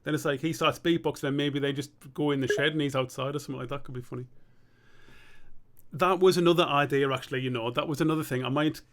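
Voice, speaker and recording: A man's voice: a little high, steady tone, fast, a bit bright. A young man streaming live as an animator, chatting casually and thinking aloud in a rambling, sweary way.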